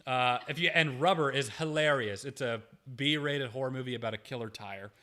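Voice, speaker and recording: A man's voice: medium pitch, normal speed, sharp tone. A man hosting a casual livestream, reading viewer chats aloud in a chatty, joking, self-deprecating way. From United States.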